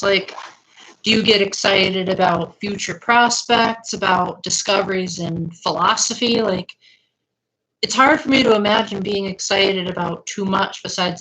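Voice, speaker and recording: A young woman chatting casually on a live stream, talking to her viewers and answering their comments as they come in. Her voice sits at a medium pitch. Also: fairly bright tone, low-quality recording.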